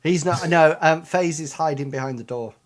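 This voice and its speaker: A man running a tabletop game as game master, narrating haltingly with many restarts. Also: fairly high pitch. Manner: halting, full of restarts and ums.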